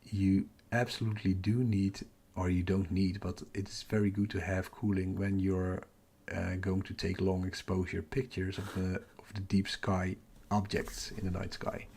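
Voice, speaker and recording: A middle-aged man hosting a night-time telescope livestream from home, half-whispering so he doesn't wake the house, muttering to himself over his capture software. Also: deep voice, flat delivery, moderate pace, hardly any pauses, breathy edge. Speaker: astrophotography livestream host. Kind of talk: live stream commentary, talking to chat.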